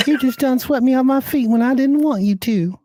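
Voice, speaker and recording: A man's voice: very high voice, brisk, dark tone, slight background noise, voice pushed up. A man mimicking an angry Midwest girl in a Southern drawl. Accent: put-on Southern US.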